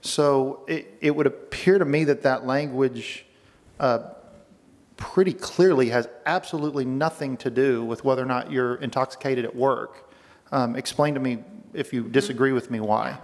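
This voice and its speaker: A man's voice: medium pitch, normal speed. A man questioning a witness at a legislative hearing, pressing his argument and often restarting his sentences. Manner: pressing, argumentative, repeats words when restarting. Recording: long reverb of a hearing room.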